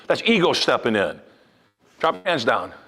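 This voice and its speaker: An older man giving a live seminar talk as a hypnotist and motivational speaker, with animated, punchy delivery that swings between loud emphasis and low asides. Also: normal speed. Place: large event room with a live audience.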